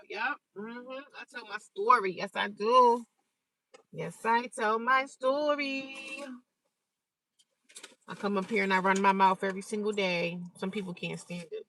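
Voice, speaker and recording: A woman's voice: medium pitch, normal speed, distant mic, rough recording. A woman chatting casually on a livestream, telling her stories bluntly and animatedly and repeating herself for emphasis. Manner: blunt, repetitive, animated storytelling. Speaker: livestreamer sharing her daily life.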